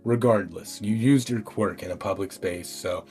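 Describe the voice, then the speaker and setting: A man voicing a stern, weary dog police chief, speaking in a flat, lecturing way. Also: fairly low pitch, normal speed, faint music behind, close to an everyday voice.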